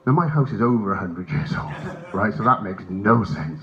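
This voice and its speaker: A man's voice: lowish voice, moderate pace, crowd noise. A male stand-up comedian telling profane stories live on a hotel stage, acting out characters, recorded through a handheld mic in a dull live recording with faint room ambience. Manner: animated, profane, acts out characters.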